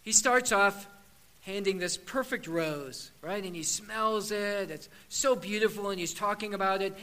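A male pastor preaching a sermon with passion, moving between loud emphatic declarations and soft hushed passages. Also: sits high, a little slow.

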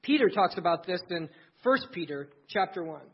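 A man preaching as pastor, his voice a little husky and breathy. He drives points home by repeating key phrases with emphasis. The recording is dull and lo-fi. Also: high voice, lively intonation, moderate pace. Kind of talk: sermon.

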